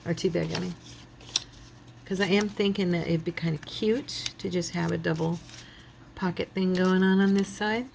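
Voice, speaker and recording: A woman's voice: on the low side, fairly even intonation, normal speed, vocal fry, background noise. A woman hosting a craft channel, chatting casually to her viewers and thinking aloud as she works, a little silly and self-deprecating. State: yawning, relaxed.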